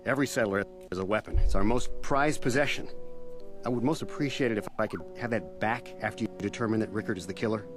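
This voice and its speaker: A man's voice: lowish voice, quick pace, music in the background, close to an everyday voice. A man voicing a defensive, flustered middle-aged settler suspect in a video game, speaking earnestly. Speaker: game character. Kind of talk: studio video game voice acting.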